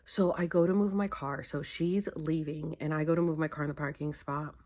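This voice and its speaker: A woman's voice: sits low, steady tone, darkish tone. A young woman vlogging casually to a phone camera, tired and weepy, rambling and speeding up as she tells a story. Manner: emotional, rambling, fast when telling a story. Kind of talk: casual vlog.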